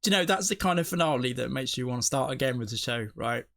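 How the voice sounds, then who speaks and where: A man's voice: mid-range voice, animated, fast, creaky, fairly bright tone. A man hosting a TV reaction video, talking casually and emotionally as he thinks aloud, often restarting his sentences. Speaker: TV reaction channel host.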